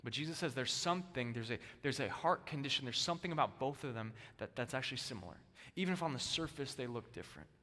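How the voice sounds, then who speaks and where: Bright-voiced preacher in a reverberant hall. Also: male voice, animated, fast, hardly any pauses. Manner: emphatic preaching, swings between loud stress and hushed low lines. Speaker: pastor. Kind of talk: sermon.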